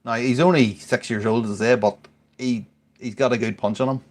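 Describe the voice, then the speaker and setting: This man, a regular on a podcast, is in his forties and a bit tipsy from drinking beer as he spins a meandering, profane story in casual conversation. He speaks briskly in a medium-pitched, darkish voice with fairly even intonation.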